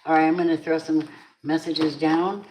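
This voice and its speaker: A woman's voice: low voice, little pitch movement, moderate pace, darkish tone, echoey room, a little hiss or hum, poor audio. A middle-aged woman giving an emphatic live tarot reading, chatting with her viewers by name. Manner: emphatic, repeats affirmations. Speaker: tarot reader. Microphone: camera mic on a live stream.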